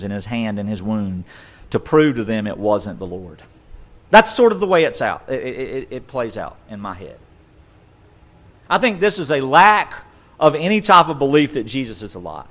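A man's voice: mid-range voice, a bit bright. A male pastor preaching a sermon emphatically, repeating phrases and stopping to correct his own words. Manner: emphatic, repetitive, self-correcting.

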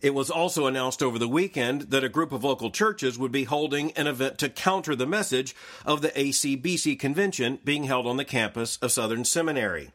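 A man hosting a daily news analysis show, reading scripted commentary in a measured, formal way. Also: medium pitch, fairly bright tone.

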